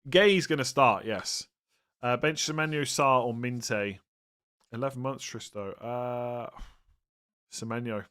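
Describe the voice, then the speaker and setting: A man's voice: medium pitch, slow, pauses often, fairly bright tone, smooth. Tired, rambling man on a stream. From England. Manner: chatty, rambling, self-interrupting, tired and yawning. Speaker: host answering viewer questions. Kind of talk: casual live-stream Q&A.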